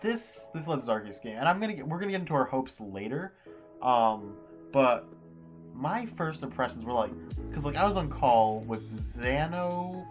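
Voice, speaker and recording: A man hosting a casual gaming podcast, steering the talk in an animated way. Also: medium pitch, moderate pace, soft background music. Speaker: podcast host.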